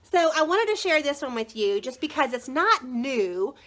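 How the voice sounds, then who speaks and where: Woman, 30s, live-video book seller. High, very animated, gushing, chats with viewers by name. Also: moderate pace. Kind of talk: chatty live product showcase.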